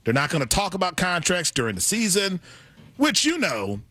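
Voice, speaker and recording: Male sports radio host, animated and self-deprecating, forceful tone, dry studio sound. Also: high voice, normal speed, dry recording. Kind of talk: casual sports talk.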